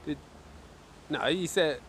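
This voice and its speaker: Hosting a casual archery stream at a wind-swept outdoor range, a man with a slightly high, expressive, somewhat bright voice speaks slowly. He chats, cracks jokes, and reads viewer messages aloud amid wind noise.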